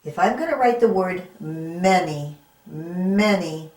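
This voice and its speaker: A woman's voice: lowish voice, expressive, slow pace, a little mellow. A woman teaching a phonics lesson to young children, sounding words out letter by letter and coaxing them with questions. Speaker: reading teacher. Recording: echoey room.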